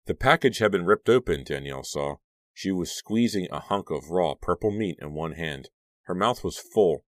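A man narrating a young-adult horror audiobook in an even, measured reading. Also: low voice, no room sound, studio quality.

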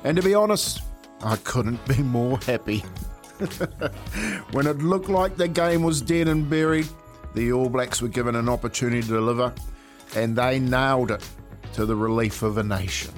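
A man's voice: mid-range voice, normal speed, pauses often, faint music behind. A New man co-hosting a sports radio show, gleeful and laughing as he banters. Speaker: radio co-host.

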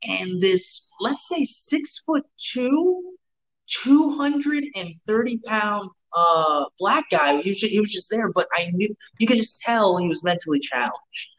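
A man's voice: high-pitched, lively intonation, a little slow, fairly bright tone, rough recording. A man, telling rambling, profane stories with lots of restarts in a casual chat. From New York.

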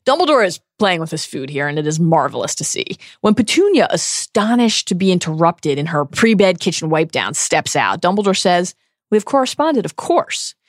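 A woman's voice: fairly low pitch, big pitch swings, normal speed, hardly any pauses, dry recording, clean studio sound. A woman co-hosting a book podcast, reading a scripted, earnest and analytical discussion. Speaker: podcast co-host.

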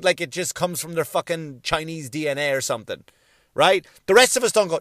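A man's voice: sits high, lively intonation, quick pace, a bit bright, no room sound, studio quality. A male comedian delivering a profane, emphatic solo rant, hammering his points home through repetition.

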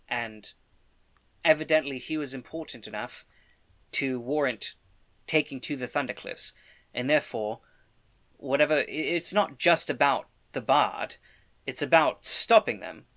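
A man takes part in a tabletop game, speaking as his character. He reasons things through in an earnest, deliberate way. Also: medium pitch, fairly bright tone. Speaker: player.

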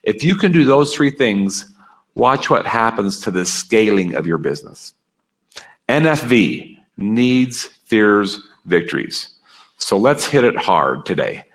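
Animated male seminar speaker. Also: fairly low pitch, slow pace, poor audio. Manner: energetic, coaxing, calls on people by name and repeats their answers. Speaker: speaker leading a workshop. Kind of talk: interactive seminar talk to a live and online audience.

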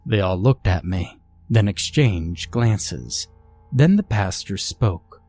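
A man narrating a scripted horror story in a slow, measured way. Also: fairly low pitch, animated, dark tone. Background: faint music.

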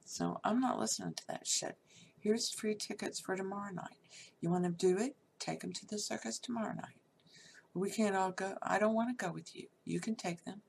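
A woman's voice: mid-range voice, normal speed, creaky, a little mellow, slight background noise. A middle-aged woman telling a personal story candidly and bluntly, swearing freely.

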